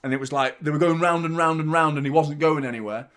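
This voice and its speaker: A man, hosting a football watchalong with excitable, rambling commentary and frequent swearing. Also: on the high side, quick pace. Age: 30s. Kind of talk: live match commentary and chat.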